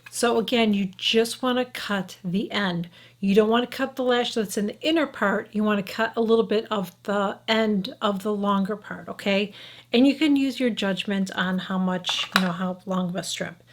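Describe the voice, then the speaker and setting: A woman's voice: mid-range voice, normal speed. A woman in her fifties talking casually through a makeup tutorial, frank and chatty, checking in with the viewer with a constant "okay?" as she works at her mirror. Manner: talks while applying makeup, sometimes drops to a whisper. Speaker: beauty vlogger.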